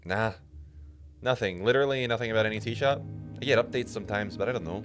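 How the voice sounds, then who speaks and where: Guy doing a chatty old skull wizard, low voice, gleeful rambles, half-held accent, music behind. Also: lively intonation, fast talker. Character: ancient chatty boastful male talking skull mage. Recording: music playing underneath.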